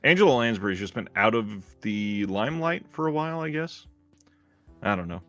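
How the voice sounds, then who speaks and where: A man co-hosting a film podcast in casual chat, easygoing, often laughing and pausing on fillers. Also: on the low side, animated, fairly bright tone, faint music behind. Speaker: podcast co-host.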